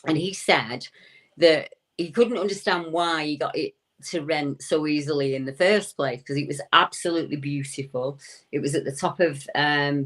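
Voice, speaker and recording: Low-voiced woman telling a story. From United Kingdom. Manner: chatty storyteller, frequent "um". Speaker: returning guest. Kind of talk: recounting a paranormal story.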